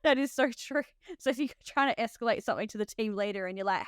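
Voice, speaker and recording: A woman's voice: on the high side, fast talker, hardly any pauses, smooth, dry recording, clean studio sound. A woman with an Australian accent hosting a podcast as a nurse, chatty and laughing often, with lots of "like". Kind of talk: casual podcast chat.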